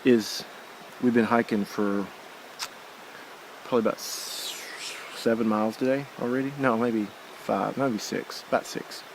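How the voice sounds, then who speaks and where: A man's voice: mid-range voice, steady tone, measured pace, gravelly, long pauses. A man with an ordinary mid-range voice narrates a casual hiking vlog outdoors beside a forest creek, recorded on a handheld camera. He rambles and thinks aloud, correcting himself mid-sentence. A faint hiss sits under the recording. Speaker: hiker filming his trip.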